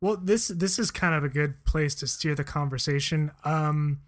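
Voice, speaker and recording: A man's voice: a little high, moderate pace. A man co-hosting a podcast in casual chat, making brief hesitant remarks and laughing along. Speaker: podcast co-host.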